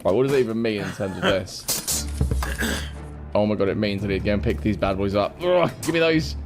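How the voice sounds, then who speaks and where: A man streaming a fighting game, reacting loudly, repeating himself and laughing often. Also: fairly low pitch, fairly quick, over music. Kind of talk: excited gameplay commentary.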